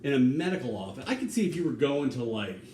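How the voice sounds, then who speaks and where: A man talking in a rambling, casual way, swearing now and then, with sudden loud bursts and some humming and scatting. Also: medium pitch, big pitch swings, fast talker, distant mic. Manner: hums and scats tunes between talking. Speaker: vlogger cooking on camera. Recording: echoey room, off-mic, faint hum.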